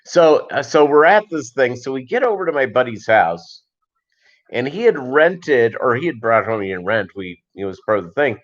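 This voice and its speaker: A man's voice: medium pitch, very animated, moderate pace, dull audio. A middle-aged man hosting a livestream, telling a long story in a loose, rambling way with many restarts and asides. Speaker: livestream host.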